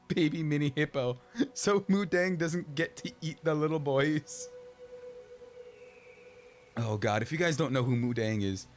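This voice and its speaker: Male streamer at mid pitch, loose and jokey play-by-play with a faint hiss behind. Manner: rambling, jokey, talks to game characters. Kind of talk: casual gameplay commentary.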